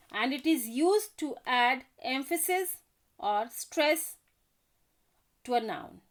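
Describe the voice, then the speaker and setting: A woman teaching an English grammar lesson, reading out example sentences in a careful, deliberate way. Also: high voice, fairly bright tone. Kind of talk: slow scripted grammar lesson.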